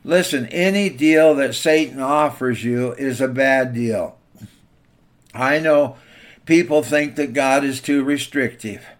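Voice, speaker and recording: A man's voice: mid-range voice, takes it slowly. A man preaching a sermon in an emphatic, exhorting way.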